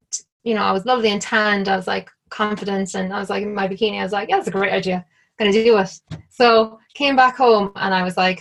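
Irish woman guest, mid-pitched, casual storyteller who keeps saying "like". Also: a bit bright. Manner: chatty, full of "like", acts out quoted lines. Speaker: interview guest.

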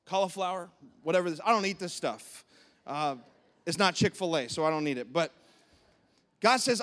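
A pastor in his thirties preaching a sermon, animated, acting out quoted voices of God and his congregation. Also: sits high, moderate pace.

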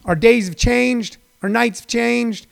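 A man in his sixties, a comedian hosting his own daily online show, speaks in a very high voice at a slow pace with vocal fry. He rambles through a livestream monologue, repeating himself and using lots of fillers, all in a folksy, encouraging way.

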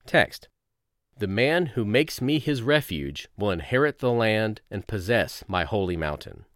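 A man reading a devotional lesson aloud in a slow, reflective way with measured pauses. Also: fairly low pitch, very animated, fairly bright tone, no room sound, studio quality. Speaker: course narrator.

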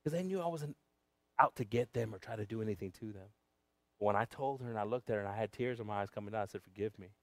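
A pastor speaks fast in a fairly low voice while telling a personal story from the pulpit, dropping from loud shouts to near whispers. He switches into Spanish now and then for his congregation, and the recording is dry.

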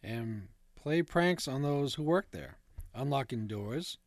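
A man's voice: mid-range voice, expressive, slow, no room sound. Laid-back man reading ghost stories. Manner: laid-back, reads notes with fillers and asides. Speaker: podcast co-host.

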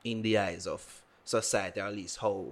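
A man with a Jamaican accent co-hosting a podcast in casual chat, animated and often repeating words as he moves between English and patois. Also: on the low side, normal speed. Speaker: podcast co-host.

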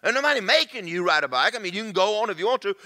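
Animated preacher, bright tone. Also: male voice, sits high, rapid-fire. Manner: animated, swings from loud shouts to quiet confiding. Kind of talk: sermon.

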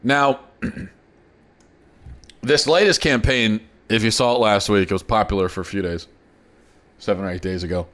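A man hosting a podcast, losing his voice, talking in a sardonic, halting monologue and clearing his throat. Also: fairly low pitch, fairly bright tone. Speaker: podcast host. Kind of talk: opinionated solo monologue.

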